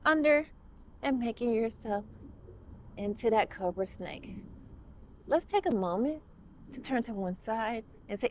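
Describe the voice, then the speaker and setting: A woman's voice: a little high, warm tone. A woman teaching a children's yoga class, guiding poses with upbeat, playful encouragement while moving along. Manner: talks along as she moves through poses.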